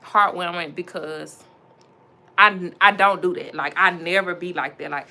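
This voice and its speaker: A woman's voice: on the low side, fairly even intonation, a little slow, bright, forceful tone. A young woman, chatting casually and animatedly to her viewers on a livestream, laughing often. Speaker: entrepreneur livestreaming while styling a wig.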